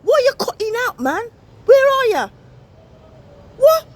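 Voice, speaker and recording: A woman putting on a loud young lad on the phone. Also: extremely high pitch, sing-song, a little slow, voice pushed up, full character voice. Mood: brash. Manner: loud, slangy. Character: cocky young man yelling into his phone.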